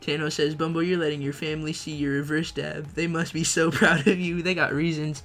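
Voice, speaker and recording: A man's voice: a little high, level tone, a little fast, a bit bright, soft background music. A young man live-streaming a video game, chatting casually with viewers, reading their messages aloud, using slang and laughing often. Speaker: gaming livestreamer.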